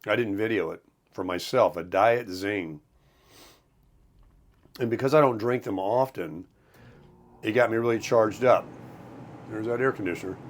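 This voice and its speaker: A middle-aged man casually vlogging his morning routine. He rambles chattily to the viewers while cooking, drifting from one small story to the next in a relaxed, unscripted way. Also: fairly low pitch, a little slow, long pauses. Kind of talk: casual morning vlog chat. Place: home kitchen, RV.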